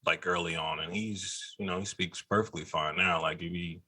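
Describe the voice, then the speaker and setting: A man's voice: low-pitched, fairly even intonation, sharp tone, husky. A man co-hosting a podcast, teasing and cutting in with short jokes in casual chat. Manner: joking, quick short interjections. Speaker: podcast co-host.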